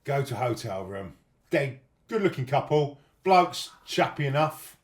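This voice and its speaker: A man's voice: medium pitch, sing-song, measured pace, distant mic. A British man on a comedy podcast panel, bantering bluntly and posing crude questions. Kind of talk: casual banter. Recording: echoey room.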